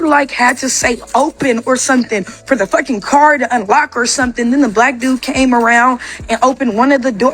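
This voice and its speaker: A young woman speaks in a bright, high register, spilling out a personal story in loose storytime fashion. Her sentences are padded with "like" and restart often. Faint music sits underneath. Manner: rapid, filler-heavy with constant "like". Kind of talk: casual storytime.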